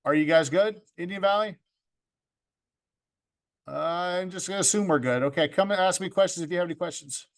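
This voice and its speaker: Over a video call from a home room with a green screen, a man runs an online video-editing class for his video club, joking, upbeat, and calling students by name. His voice is high and brisk, broken up by long pauses.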